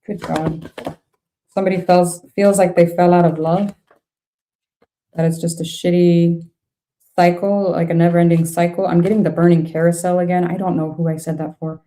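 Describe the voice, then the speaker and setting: Mellow-voiced woman reading tarot. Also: lowish voice, little pitch movement, moderate pace. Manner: thinks aloud, laughs often, frank reactions. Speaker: tarot reader.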